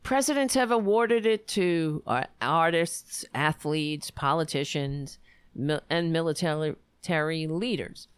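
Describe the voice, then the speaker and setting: Slow, sarcastic American woman reading news. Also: sits low, smooth, no room sound. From United States. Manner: sarcastic asides, stumbles over words, talks to her dog. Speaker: vlogger reading a news article aloud. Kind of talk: casual commentary reading aloud.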